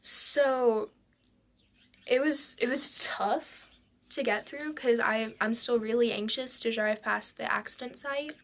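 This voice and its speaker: Woman telling a story, halting, slips into whispers. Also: fairly high pitch. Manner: halting, with frequent restarts and drops into a whisper. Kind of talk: personal storytelling.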